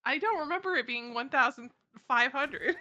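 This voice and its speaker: A woman's voice: high-pitched, lively intonation, moderate pace, sharp tone, muffled recording. A woman co-streamer chatting casually, teasing the others and giggling often.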